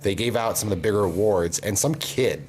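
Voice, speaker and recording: A man's voice: a little fast, slight background noise. Rambling man chatting on a podcast. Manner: rambling storyteller, drops low and quiet for asides. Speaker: podcast co-host. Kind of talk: casual chat.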